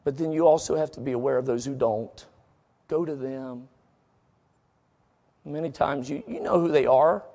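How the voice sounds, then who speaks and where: A middle-aged man delivers a sermon in a high, gravelly voice. He moves between quiet, slow scripture reading and forceful, emphatic exhortation. His delivery is dynamic and earnest. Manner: dynamic, swinging from soft to emphatic; reads scripture aloud slowly. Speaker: preacher.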